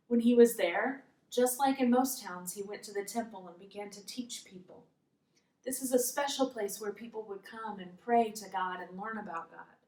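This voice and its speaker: A woman's voice: mid-range voice, darkish tone. Woman, preschool teacher, simple patient storytelling, echoey room, distant mic. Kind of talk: children's Bible lesson. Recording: roomy echo, mic far off.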